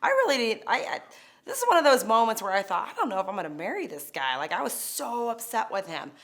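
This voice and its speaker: A woman co-hosting a marriage lesson, telling a personal story in a casual, animated way and often laughing. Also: a little high, fast. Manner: animated, laughing, acts out quotes. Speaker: co-host of a marriage course.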